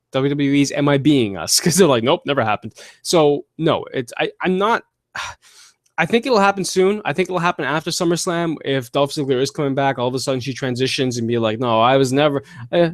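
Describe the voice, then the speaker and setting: A man hosting a casual podcast, answering listener questions with blunt, profane and animated opinions. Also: fairly high pitch, no room sound, clean studio sound. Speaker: podcast host. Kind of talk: casual wrestling podcast chat.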